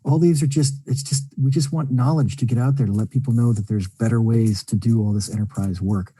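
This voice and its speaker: Male webinar host, casual rambling talker, dark husky tone. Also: medium pitch, fairly quick, dry recording. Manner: rambling, jokey, lots of fillers. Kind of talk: casual chat.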